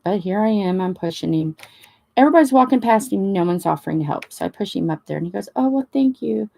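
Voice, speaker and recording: Gravelly low-voiced woman telling a story. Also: quick pace. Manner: rambling, animated retelling with quoted dialogue. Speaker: crafting channel host. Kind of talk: casual storytelling chat.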